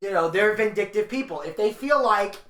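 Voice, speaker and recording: A man's voice: high voice, animated, a little fast, fairly bright tone. A man co-hosting a casual podcast review, rambling and opinionated with plenty of crude language. His voice sits in an echoey room. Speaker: podcast co-host.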